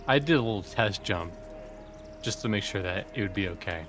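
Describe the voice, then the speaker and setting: A man who speaks fast, tossing out dry, offhand remarks as a fellow player in an online game. His voice sits at a middling pitch, with faint music playing behind him. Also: expressive.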